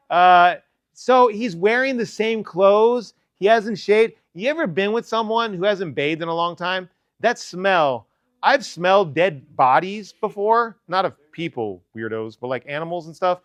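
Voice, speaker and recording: A man preaching to teens in a loose, joking, conversational way, with a fairly high voice. The sound is close and dry, with no room echo. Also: fairly bright tone. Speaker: youth preacher. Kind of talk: sermon.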